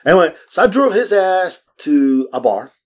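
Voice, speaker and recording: A man hosting a casual podcast, telling stories in an animated way, acting out the voices of people he quotes and swearing freely. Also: high voice, moderate pace. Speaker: podcast host. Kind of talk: casual storytelling chat.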